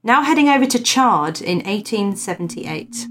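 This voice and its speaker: A woman's voice: medium pitch, animated, moderate pace, background noise. A woman, co-hosting a casual podcast, reading old ghost stories aloud with dramatic emphasis and chatting between them. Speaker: podcast co-host.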